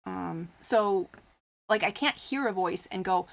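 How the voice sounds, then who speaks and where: This craft streamer has a gravelly, mid-range voice and speaks a little slowly. She rambles casually to her live audience, filling her speech with ums and the like while reading out comments and responding.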